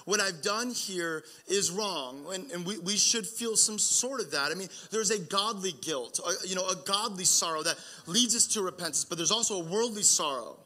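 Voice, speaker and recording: A man's voice: sits high, lively intonation, fairly quick, few pauses, bright, forceful tone. A young adult man preaching a sermon as pastor, earnest and conversational, often restarting his sentences.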